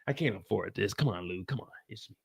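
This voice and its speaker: A man putting on a worried male record label boss who speaks low and hushed, leaning in. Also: fast, creaky, slightly rough, no echo, clean studio sound, heavily acted.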